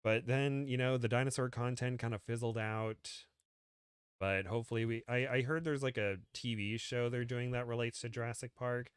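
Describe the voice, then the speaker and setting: A man in casual conversation, rambling and laughing a lot, with a smooth, clear voice and dry close sound. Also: mid-range voice, steady tone, normal speed, dry recording. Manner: rambling, laughs often, slips into silly voices. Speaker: guest co-reader. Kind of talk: casual stream chat.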